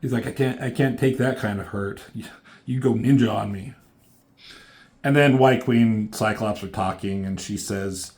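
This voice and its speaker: Man, lowish voice, comic book reviewer, casual recap, profane, loose delivery. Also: steady tone, unhurried, a little mellow. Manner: loose and profane, quotes characters in a slightly raised voice.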